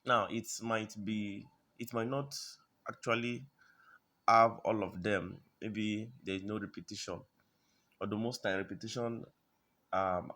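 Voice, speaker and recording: A man with a lowish voice walks through design principles in a tutorial. He talks haltingly, restarting phrases and clearing his throat, and keeps asking whether you understand. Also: fairly bright tone. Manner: halting, repeats words, clears throat often. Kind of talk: screen-recorded tutorial explanation.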